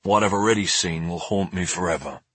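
Male audiobook narrator, low husky voice, tense first-person delivery. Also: a little fast, a bit bright, no room sound.

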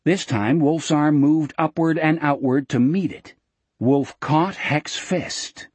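A man narrating an audiobook in a steady, measured storytelling manner. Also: on the high side, breathy edge, no room sound.

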